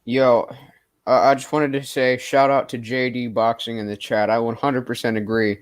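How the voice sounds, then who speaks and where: A man's voice: mid-range voice, little pitch movement, moderate pace, no echo, studio quality. A man joining a casual boxing livestream with offhand, joking remarks.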